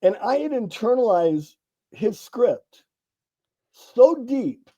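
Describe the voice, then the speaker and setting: A middle-aged man from California, a sales author and guest, telling lively stories in a casual interview and acting out the dialogue. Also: very high-pitched, slow pace, dull audio. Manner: animated storyteller acting out dialogue, casual swearing. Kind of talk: conversational interview storytelling.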